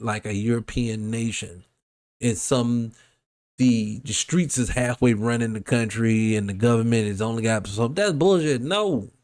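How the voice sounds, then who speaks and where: A man hosting a show, giving casual reaction commentary in an animated, rambling and profane way. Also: mid-range voice. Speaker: host.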